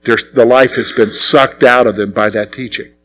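A middle-aged man preaching a sermon as pastor, asking the congregation questions and answering them himself, with sudden drops to quiet asides. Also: fairly even intonation, moderate pace, a little hiss or hum, rough recording. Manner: swings between raised, punchy lines and low, quiet asides.

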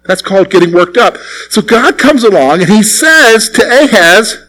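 A man's voice: high-pitched, big pitch swings, normal speed, few pauses, pushed and bright, rough recording. A male pastor preaching a conversational sermon, often asking the congregation questions.

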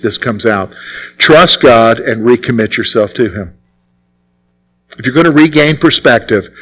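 A man's voice: medium pitch, fairly bright tone. A man preaching a sermon as pastor, exhorting his listeners and driving points home by repeating them. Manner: exhorting, repetitive.

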